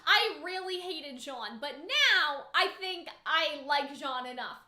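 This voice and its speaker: A woman with a high, bright voice hosts a laid-back chat, swearing often and tossing in "right?" at the end of her thoughts. The room around her has a noticeable echo. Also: animated, slow pace. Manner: casual, frequent swearing, trailing "right?". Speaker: show host. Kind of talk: casual stream chat reviewing an episode.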